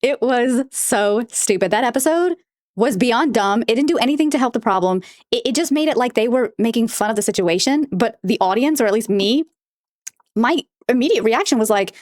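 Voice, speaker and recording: A woman's voice: a little high, animated, a little mellow, no room sound, clean studio sound. A woman hosting a reaction video, talking bluntly and with exasperation about a podcast clip. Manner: blunt, exasperated, rapid-fire. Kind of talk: casual reaction commentary.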